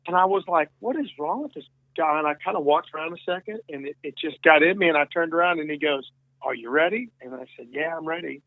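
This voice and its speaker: A man's voice: a little high, fast talker, dry recording. A man, a guest musician, telling stories in a rambling, casual way and acting out the dialogue. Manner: rambling, many restarts and quoted dialogue. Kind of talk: casual storytelling interview. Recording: tinny phone-like line.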